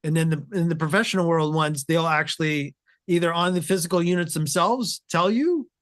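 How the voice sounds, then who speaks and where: A man's voice: a little high, a little fast, a bit bright. A man hosting a video tech show, rambling and circling before he makes his point. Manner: rambling, many fillers and restarts. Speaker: host. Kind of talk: casual tech talk.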